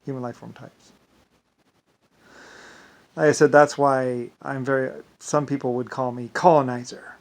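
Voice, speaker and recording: A man speaks in an ordinary middle-pitched voice, winding through a long solo vlog monologue. He loops back on himself often and keeps padding his sentences with stock filler phrases. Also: flat delivery, unhurried, pauses often. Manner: meandering, repeats "like I said" and "blah, blah". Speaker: vlogger.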